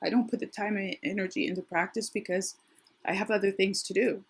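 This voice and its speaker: A middle-aged woman with a worn, husky voice gives a casual tarot reading, chatty and thinking aloud with frequent restarts. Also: medium pitch, steady tone, fairly quick. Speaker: tarot reader.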